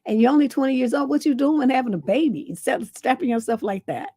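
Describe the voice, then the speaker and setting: A woman's voice: high-pitched, quick pace, warm tone, no room sound. A woman relationship coach on a livestream advice show, giving blunt, scolding advice with rhetorical questions and salty language.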